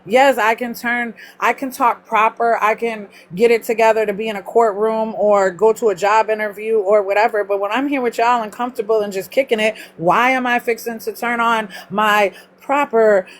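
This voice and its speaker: A woman's voice: a little high, fairly even intonation, moderate pace, few pauses. A middle-aged woman from Mississippi with a Southern accent, blunt and chatty, swearing freely as she talks to viewers live. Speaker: livestream host. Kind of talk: casual live chat with viewers.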